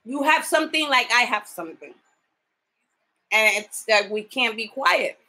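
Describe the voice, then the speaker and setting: A woman's voice: fairly high pitch, lively intonation, measured pace, sharp tone, rough recording. A woman caregiver talking in a casual video diary. She is tired from lack of sleep and talks bluntly, swearing freely as she vents. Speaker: home caregiver.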